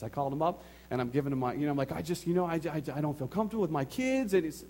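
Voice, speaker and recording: Lively higher-voiced man preaching testimony. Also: rapid-fire, slight background noise. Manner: animated storytelling, acts out his own and others' quotes; repeats phrases for emphasis. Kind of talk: sermon testimony.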